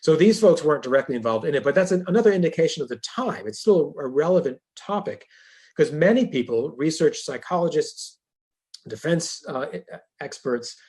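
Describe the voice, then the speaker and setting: Husky guy professor lecturing, chatty, lots of uh's and dry little jokes. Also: a little high, expressive, a little fast, darkish tone. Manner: conversational, fillers and restarts, dry asides. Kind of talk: university lecture.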